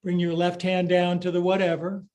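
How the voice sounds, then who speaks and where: A man's voice: high-pitched, monotone, normal speed, a little mellow. Upbeat older man coaching a yoga class. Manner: upbeat, playful coaching cues, counting reps. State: out of breath at times. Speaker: yoga teacher. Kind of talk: live-streamed yoga class instruction.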